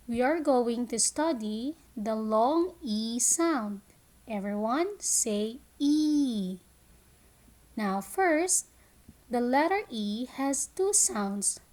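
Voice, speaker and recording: A woman with a fairly high voice gives an online phonics lesson to young children. She speaks slowly and clearly, stretching out each vowel sound so the little ones can follow. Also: a little mellow. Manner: slow, clear teacher talk with drawn-out sounds. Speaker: kindergarten teacher.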